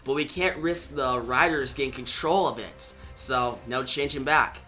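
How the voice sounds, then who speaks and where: A man reading out a calm, stern superhero's lines, a bit lower and quieter than his narration. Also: unhurried, faint music behind. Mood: grave.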